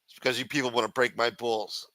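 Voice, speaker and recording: A man's voice: medium pitch, level tone, quick pace, pushed and bright, no room sound. A man hosting a live stream, ranting and swearing constantly in an irritated, complaining way. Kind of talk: casual profane rant reacting to a stream.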